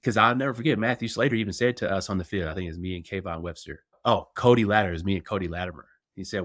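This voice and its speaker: Male co-host, former player, very low voice, relaxed conversational delivery, dry close mic. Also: fast talker, no room sound. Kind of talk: casual chat.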